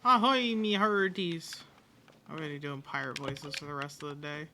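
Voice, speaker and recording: Bright-voiced woman streaming a game. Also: low-pitched, quick pace, slight background noise. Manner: animated, chatty, reads dialogue aloud, swears. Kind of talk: casual let's-play commentary.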